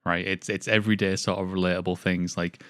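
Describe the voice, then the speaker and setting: A man's voice: low-pitched, little pitch movement, brisk, fairly bright tone, smooth, no room sound, clean studio sound. Articulate British man reviewing films. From Britain. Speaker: film review co-host. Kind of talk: casual film review chat.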